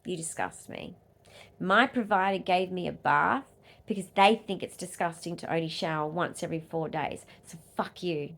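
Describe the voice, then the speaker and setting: An Australian woman vlogger and advocate in an angry rant, swearing hard and swinging between loud outbursts and low muttering. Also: normal speed.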